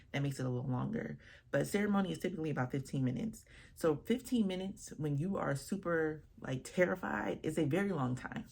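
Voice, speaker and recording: A woman wedding officiant telling a casual storytime about her first ceremony, animated and expressive as she acts out what people said. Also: deep voice, creaky.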